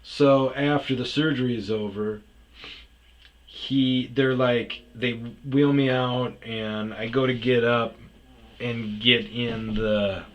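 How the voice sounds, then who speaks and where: A man's voice: mid-range voice, fairly even intonation, slow pace, lo-fi sound. A man casually telling his own story as host, rambling and acting out other people's lines.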